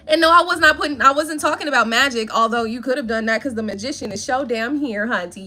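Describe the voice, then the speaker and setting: A woman's voice: sits high, expressive, a little fast, hardly any pauses, pushed and bright, soft background music. A woman giving a casual tarot reading, sassy and playful, full of slang and asides. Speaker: tarot reader.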